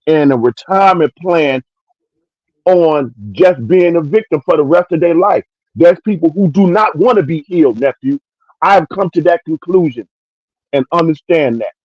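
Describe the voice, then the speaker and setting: A man's voice: on the high side, no room sound. Preachy man on dull lo-fi audio. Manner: preachy, drawn-out emphatic points. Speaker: livestream host. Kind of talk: casual opinion chat.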